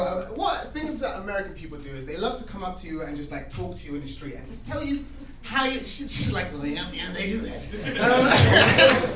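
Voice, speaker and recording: An English man doing a playful stand-up set on a club stage, slipping into impressions. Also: high-pitched. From England. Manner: lively, playful, slips into impressions. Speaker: stand-up comedian. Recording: echoey room from a distance with audience noise.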